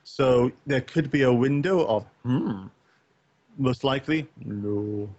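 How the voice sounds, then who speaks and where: A man's voice: mid-range voice, slow, darkish tone, highs cut off. A man co-hosting a late-night gaming stream, rambling in a casual chat full of fillers, restarts and offhand swearing. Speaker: co-host of a gaming talk stream.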